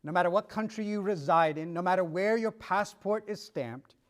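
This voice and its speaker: A man's voice: high-pitched, normal speed. A middle-aged man preaching, telling stories and acting out dialogue with shifts of pace and volume. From United States. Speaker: pastor. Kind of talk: sermon.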